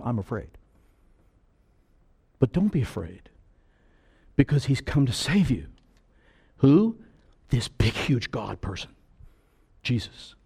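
Male preacher, fervent sermon delivery, very animated pitch. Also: husky. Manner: fervent, swelling loud on key phrases then dropping low.

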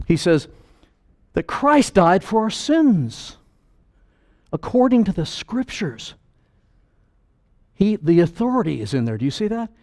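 A man's voice: sits high, big pitch swings. Emphatic middle-aged male preacher. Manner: emphatic, swinging from loud pronouncements to quiet, slow asides. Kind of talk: sermon.

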